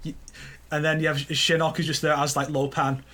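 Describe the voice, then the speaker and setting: Male podcast co-host, bright and somewhat high voice, rambling and playful, faint hiss behind. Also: little pitch movement, brisk. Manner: rambling, acts out silly movie scenes in goofy voices. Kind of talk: casual gaming podcast chat.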